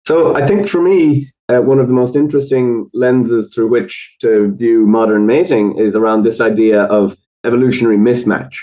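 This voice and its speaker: A man with an Irish accent, a podcast guest explaining research in a thoughtful, measured way with frequent fillers. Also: medium pitch, fairly even intonation, dark tone, rough recording. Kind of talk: conversational explanation.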